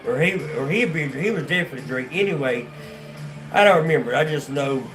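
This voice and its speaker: A man's voice: on the high side, expressive, brisk, music in the background. A man with a North Carolina accent telling his life story on a casual livestream, rambling and profane, with many restarts and fillers. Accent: North Carolina Southern.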